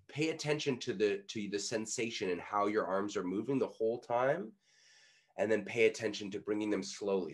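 A man in his thirties from Canada, coaching public speaking in an online workshop in an energetic, coaxing way, leading the listeners through exercises. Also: lowish voice. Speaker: pitch coach.

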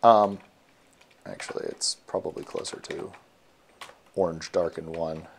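Man, deep voice, casual coding walkthrough, thinks aloud, frequent ums, keyboard typing behind. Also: steady tone, unhurried, vocal fry, a little hiss or hum. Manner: thinking aloud with many ums and self-corrections. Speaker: web developer teaching.

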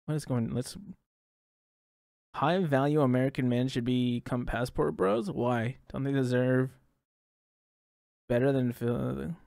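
A young man streaming reactions, talking in an excitable, rambling way and laughing between thoughts. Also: medium pitch, a little slow, vocal fry, long pauses, no echo, studio quality. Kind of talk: casual reaction commentary.

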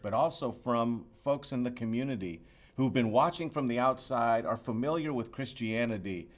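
A man delivering a church sermon in a fairly low voice. He preaches expressively, rising to loud emphatic peaks and dropping to hushed, quiet lines. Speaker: pastor.

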